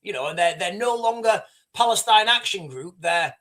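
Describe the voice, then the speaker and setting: A man's voice: high voice, expressive, moderate pace, fairly bright tone. A man hosting a live stream, talking in a rambling, conversational way to his viewers and reading their chat comments. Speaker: livestream host.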